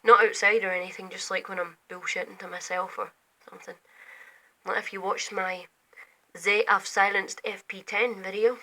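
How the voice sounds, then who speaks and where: A young Scottish woman vlogs from her bedroom window at night, rambling into her phone and drifting between quiet whispers and louder asides. Her voice is medium-pitched, and the recording is rough.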